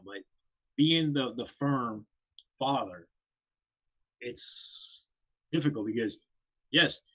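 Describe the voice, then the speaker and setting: A man's voice: medium pitch, a bit bright, lo-fi sound. A man co-hosting a casual podcast chat, talking loosely with many fillers. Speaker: podcast co-host.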